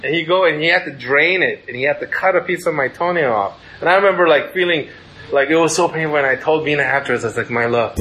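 Lively storytelling male pastor, slightly high. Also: background noise. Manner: animated storytelling, often asks "right?". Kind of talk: conversational sermon.

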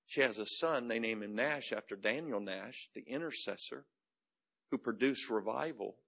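A middle-aged pastor preaches a sermon, telling a story dramatically and shifting between loud and hushed delivery. His voice is medium in pitch and creaky, at a normal speed.

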